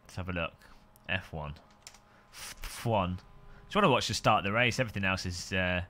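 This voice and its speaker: A man's voice: deep voice, moderate pace, bright, forceful tone. A man hosting a casual live stream, rambling and joking while greeting viewers by name.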